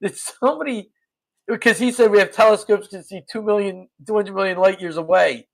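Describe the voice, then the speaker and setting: A man's voice: sits high, a little fast, gravelly, fairly bright tone. A man co-hosting a casual livestream chat, from New Jersey, with laid-back, wry asides. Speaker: co-host.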